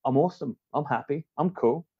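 A man, a podcast guest, talking in a rambling, halting way with many restarts. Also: fairly high pitch, slightly rough, dry recording, muffled recording. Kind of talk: casual conversation.

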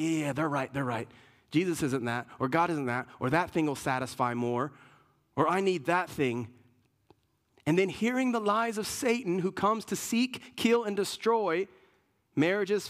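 A male pastor preaching a sermon in an earnest, emphatic way, often repeating words and restarting his sentences. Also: high voice.

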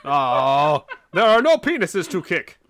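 A man voicing a blustering, macho Norse thunder god in a booming, stilted manner. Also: very animated, slow pace, a bit bright, full character voice.

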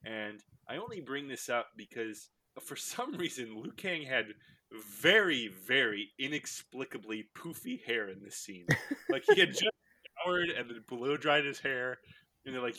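A man's voice: mid-range voice, measured pace. A man hosting a casual movie-rewatch podcast, chatty and jokey, often laughing as he talks. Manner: animated, laughing, jokey asides. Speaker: podcast host.

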